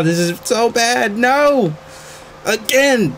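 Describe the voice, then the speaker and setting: A man giving excited, frantic commentary while playing a wrestling video game, groaning one moment and yelping the next. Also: sits high, a little slow, slight background noise. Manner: frantic, swings between groans and yelps. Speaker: gaming channel host.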